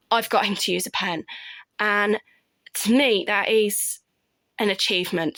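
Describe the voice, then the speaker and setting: A woman, telling stories about her children in an animated way. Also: medium pitch, dry recording. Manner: animated storytelling, acts out her kids' voices. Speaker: parent vlogger. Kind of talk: casual chat.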